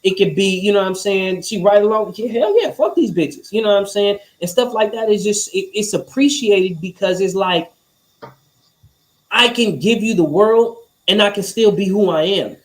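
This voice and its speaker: Podcast guy, kinda high voice, rambling casual chat, keeps saying you know what im saying. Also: normal speed, low-quality recording. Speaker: podcast co-host.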